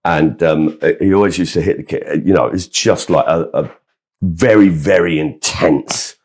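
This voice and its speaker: A man's voice: low-pitched, unhurried, darkish tone. A man, a comedian guest telling funny anecdotes about his childhood and laughing along with his own stories. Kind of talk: anecdotal storytelling.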